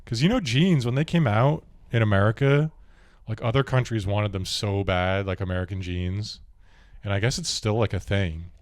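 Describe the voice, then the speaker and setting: Male podcast host, deeper voice, loose rambling chatter, dry mic. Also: normal speed, dry recording. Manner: rambling, many "like"s, laughs easily. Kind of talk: casual chat.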